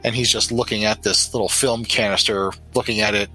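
Bright-voiced man running a tabletop game. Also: lowish voice, steady tone, brisk, slightly rough, soft background music, low-quality recording. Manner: loose, filler-heavy narration. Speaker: game master.

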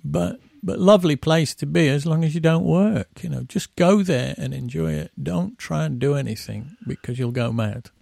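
Guy, gravelly voice, kinda high for a bloke, rambly road stories. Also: normal speed, hardly any pauses, dark tone, dry recording, clean studio sound. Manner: rambling, with acted-out quotes and laughs. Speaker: musician guest. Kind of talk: anecdotal storytelling.

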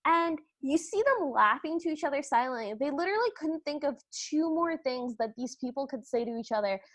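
A woman's voice: sits high, lively intonation, brisk, a bit bright. A woman co-hosting a podcast, recapping a film in casual chat with a wry, mocking tone. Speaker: podcast co-host.

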